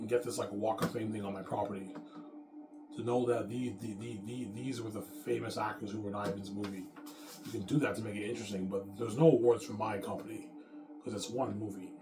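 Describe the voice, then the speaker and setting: A man's voice: on the low side, steady tone, fairly quick. A man talking in a rambling, boastful, profane monologue, repeating himself as he goes. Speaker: vlogger. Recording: echoey room with music playing. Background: music.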